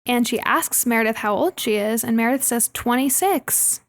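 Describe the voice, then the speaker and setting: A young woman with a slightly high voice and a gravelly edge, recapping a movie in casual podcast chat. She laughs often and acts out lines she quotes from it. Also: normal speed. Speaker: podcast co-host.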